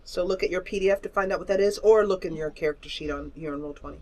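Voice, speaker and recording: A woman's voice: fairly low pitch, racing, a little mellow. A woman narrating as game master of an online tabletop game, chatty and laughing, with many fillers.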